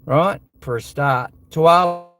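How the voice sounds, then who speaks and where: A man's voice: fairly high pitch, slow, music in the background. An Australian man hosting a live fan show, ranting bluntly and heatedly with lots of swearing.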